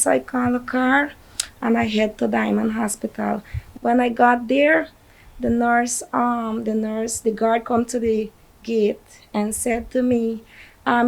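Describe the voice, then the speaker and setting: A grieving mother with a Guyanese accent, telling a news reporter what happened in a halting, distraught voice. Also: fairly high pitch, level tone, vocal fry, low-quality recording. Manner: distraught, halting retelling with shaky drops in volume. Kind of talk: emotional news interview.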